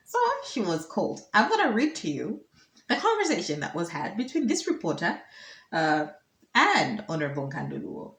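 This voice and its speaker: A woman's voice: on the low side, huge pitch swings, normal speed, a bit bright. Amused woman vlogging. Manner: chatty, amused, laughing often. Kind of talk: casual commentary. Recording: roomy echo.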